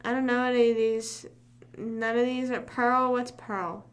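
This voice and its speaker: A woman's voice: a little high, fairly even intonation, unhurried. A young woman hosting a casual livestream, chatting loosely, rambling and humming to herself between thoughts. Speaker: livestream host. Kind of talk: casual live chat.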